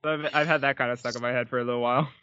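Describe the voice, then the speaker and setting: A man's voice: medium pitch, steady tone, racing, pushed and bright, smooth. A man co-hosting a casual chat, joking and easygoing. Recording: dry lo-fi sound.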